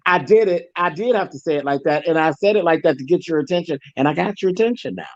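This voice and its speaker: A man's voice: on the high side, fast talker, no room sound, highs cut off. A man speaking as a guest on an online panel chat, blunt and emphatic, repeating points for force.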